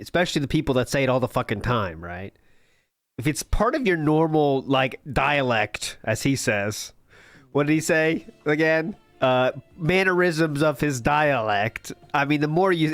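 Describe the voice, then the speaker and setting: A man's voice: medium pitch, a bit bright, dry recording. Sarcastic male streamer, dry sound. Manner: sarcastic, mocking. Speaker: streamer reacting to clips. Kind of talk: live stream commentary.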